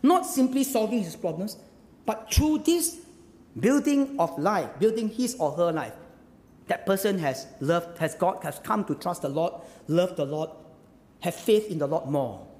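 A male pastor preaches with emphasis, repeating his phrases and pressing the congregation with questions. His voice sits high and swings widely in pitch. It rings with the long reverb of a church hall. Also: lively intonation, unhurried, darkish tone. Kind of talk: sermon.

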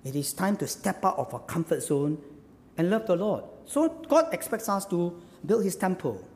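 A man's voice: sits high, big pitch swings, moderate pace, a little mellow, in a large hall. A male pastor preaching a sermon, emphatic, repeating phrases and firing rhetorical questions.

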